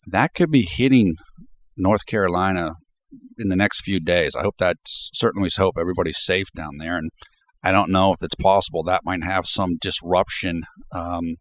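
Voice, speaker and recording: Low-voiced man giving casual sports commentary. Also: moderate pace. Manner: relaxed, reflective, speaks off the cuff. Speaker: sports video blogger.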